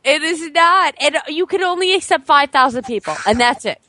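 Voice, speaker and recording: A woman's voice: high voice, expressive, normal speed, sharp tone, dry recording. A woman co-hosting a casual chat, laughing often and teasing her co-host. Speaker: podcast co-host.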